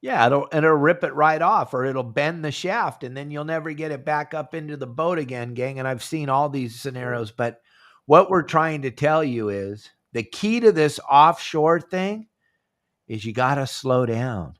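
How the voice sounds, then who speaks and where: A man's voice: fairly high pitch, animated, normal speed, a bit bright. A man hosting a fishing podcast over a video call, talking casually and acting out phone calls with members in a raised voice. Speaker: fishing show host.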